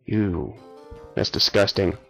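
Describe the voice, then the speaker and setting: A man's voice: low-pitched, takes it slowly, gravelly, fairly bright tone, faint music behind, poor audio. A young man casually commenting on a game he is playing, offhand and sarcastic with mumbled asides. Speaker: let's play host.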